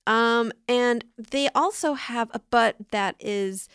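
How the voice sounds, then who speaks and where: A woman's voice: on the high side, takes it slowly, fairly bright tone, smooth, no room sound, studio quality. A young woman co-hosting a casual comedy podcast, rambling and giggly. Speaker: podcast co-host.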